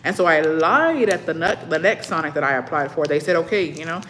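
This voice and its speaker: A woman's voice: sits low, a little fast, a little hiss or hum. A young woman in casual chat, telling stories with plenty of swearing and slipping between English and Spanish, acting out what people said. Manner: profane storytelling, slips between English and Spanish; animated, acts out what people said.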